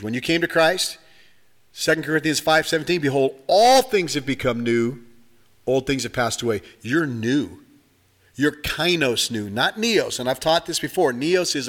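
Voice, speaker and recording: A man's voice: medium pitch, a bit bright. An older man preaching a conversational sermon as a pastor, acting out everyday dialogue to make his points. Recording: reverberant hall.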